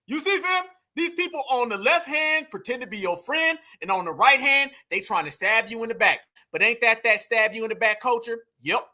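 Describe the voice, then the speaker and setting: A man's voice: very high-pitched, expressive, moderate pace, hardly any pauses, bright, forceful tone. A man hosting commentary, talking heatedly and preachily, often calling his listeners family. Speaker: commentary channel host. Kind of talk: heated commentary reacting to a clip.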